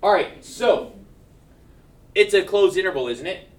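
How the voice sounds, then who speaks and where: A man's voice: sits high, expressive, measured pace, recorded from a distance. A male math teacher giving a classroom lecture, checking in with his students and joking between steps. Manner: keeps checking in with "right?", joking asides.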